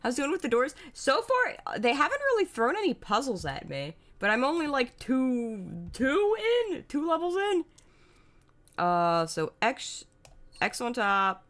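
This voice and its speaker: An excitable young woman streamer talks over a puzzle game. Her voice sits a little high and leaps all over the place. She swears freely, giggles and throws in playful sound effects. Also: unhurried. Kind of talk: casual live gameplay commentary.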